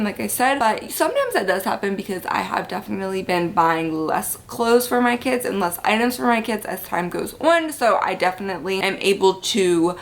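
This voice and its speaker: A woman's voice: medium pitch, vocal fry, a bit bright. Young woman, slight lisp, upbeat, chatty, mom vlogger, casual talk at home. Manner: chatty, upbeat, lots of fillers. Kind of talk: casual chat to camera.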